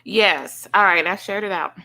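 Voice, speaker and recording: Bright-voiced effusive woman livestream host. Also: moderate pace. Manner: effusive, loud high greetings, says honey and sugar. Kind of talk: casual livestream chat greeting viewers. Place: son's home streaming setup.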